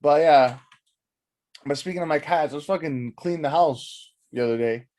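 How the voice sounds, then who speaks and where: A young adult man hosting a podcast, telling casual stories in a rambling, profane, animated way and acting out what people said. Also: on the high side, moderate pace. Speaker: podcast host. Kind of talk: casual storytelling monologue.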